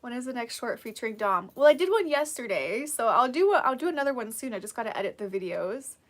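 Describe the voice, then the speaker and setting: A woman's voice: fairly high pitch, very animated, fast. A woman hosting a casual live stream who reads out viewer comments, encouraging and laughing often, sleepy and yawning.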